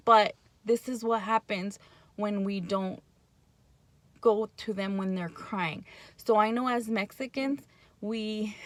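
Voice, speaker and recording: A woman talks through a parenting lesson in a loose, conversational way, with a voice pitched a little high. She is blunt, swears casually, and keeps asking "right?" as she explains. The sound is dry and close, with no room echo. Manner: conversational, checks in with frequent "right?". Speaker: parenting speaker.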